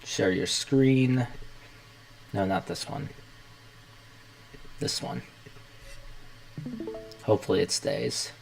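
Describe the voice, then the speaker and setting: A man's voice: medium pitch, slow, gravelly, pauses often, soft background music, poor audio. A young man hosting a casual livestream, rambling loosely as he talks himself through setting things up.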